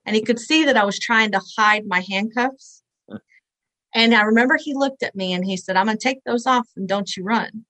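A woman's voice: a little high, moderate pace, sharp tone, no echo, rough recording. A woman in her forties, a guest in an interview, tells a personal story in an earnest, conversational way and acts out the voices she quotes. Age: 40s.

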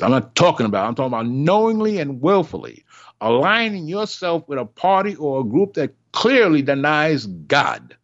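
Here an older man gives an impassioned sermon at a moderate pace, his mid-pitched voice rising and falling sharply. He repeats lines for emphasis and performs the voices he quotes, all captured in dull, lo-fi audio.

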